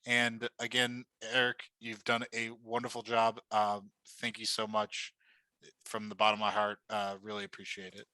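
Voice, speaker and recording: A man, a player in a tabletop game, chatting earnestly and haltingly with his group. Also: fairly low pitch, completely flat delivery, pushed and bright, no echo, rough recording. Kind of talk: casual chat.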